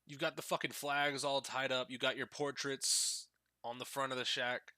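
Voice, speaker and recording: A man's voice: mid-range voice, level tone, normal speed, slight background noise. A man giving crude, joking commentary as host of a game playthrough. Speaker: let's play host. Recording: loud game music behind.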